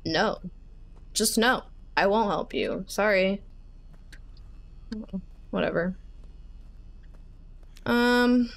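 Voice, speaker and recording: A woman's voice: medium pitch, drawn-out words, vocal fry, pauses often. A young woman hosting a horror game playthrough, chatting nervously, rambling and bursting into panicky repeats and squeals. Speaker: gaming channel host.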